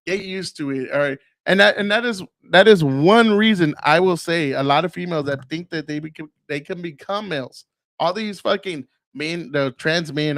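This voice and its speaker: A man's voice: on the high side, no room sound, studio quality. A man hosting a podcast, talking in a casual monologue, blunt and crude with heavy profanity, acting out other people's voices as he tells stories. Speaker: podcast host.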